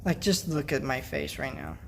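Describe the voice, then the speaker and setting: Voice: mid-range voice, huge pitch swings, moderate pace, gravelly, slight background noise. Upset vlogger ranting bluntly. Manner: worked up, blunt, swears, trails off into sighs. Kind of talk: casual vlog rant to camera.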